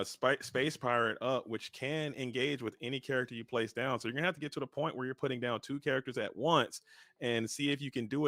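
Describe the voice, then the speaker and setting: Male card game caster, mid-pitched, chatty and joking; dry close-mic sound. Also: a bit bright, no echo. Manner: quick, chatty, joking, frequent restarts.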